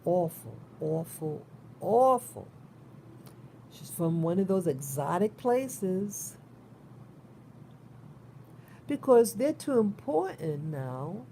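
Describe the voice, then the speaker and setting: A woman's voice: mid-range voice, warm tone, a little hiss or hum. A woman talks in a casual, rambling monologue, repeating and restarting words with a concerned tone. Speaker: vlogger.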